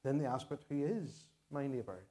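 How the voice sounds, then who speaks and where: Northern Irish male pastor, mellow voice, earnest sermon delivery, repeats phrases for emphasis. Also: mid-range voice, expressive, moderate pace.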